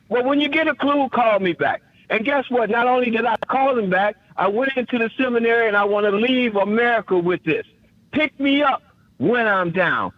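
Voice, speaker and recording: A fervent male caller with a high voice who preaches more than he talks, stuttering over repeated words as he builds his point. His voice is bone-dry and close, but it has a dull, lo-fi sound, as if it came through a narrow line. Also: lively intonation, normal speed, no echo. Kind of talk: impassioned call-in monologue.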